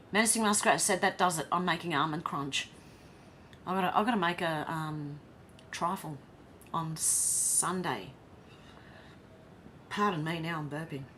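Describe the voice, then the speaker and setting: A woman's voice: lowish voice, a bit bright, a little hiss or hum. An Australian woman hosting a casual livestream, reading viewer comments aloud and chatting with frequent laughs. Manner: chatty, reads chat messages aloud, laughs often. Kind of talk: casual chat.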